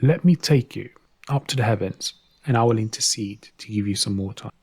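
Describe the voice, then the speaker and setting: A man voicing a clever man who poses as a solemn angel of death and speaks slowly and gravely. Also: lowish voice. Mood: coaxing. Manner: slow, grave, hushed.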